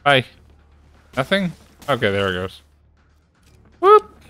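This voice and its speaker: A man giving casual gameplay commentary, excitable, playful and chatty. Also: medium pitch, unhurried, clean tone, soft background music. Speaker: gaming streamer.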